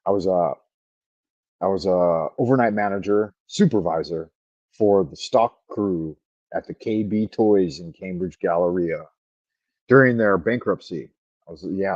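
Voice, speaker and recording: A man hosts a livestream, chatting casually in a rambling, profane, joking way. His voice is low and a little mellow, and the dry recording has a dull lo-fi microphone sound.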